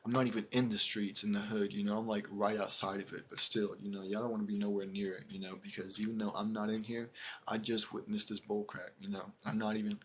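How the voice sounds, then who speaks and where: A man tells a story to his live stream audience in an easygoing, rambling way, full of fillers and restarts. His voice sits somewhat low, and he acts out what others said along the way. A faint background hiss runs under the recording. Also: level tone, fast talker.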